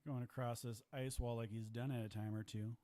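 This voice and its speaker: Guy doing ninja comp commentary, jokey, chatty, mid pitch. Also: flat delivery, brisk, dark tone. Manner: joking, chatty banter. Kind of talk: live sports commentary.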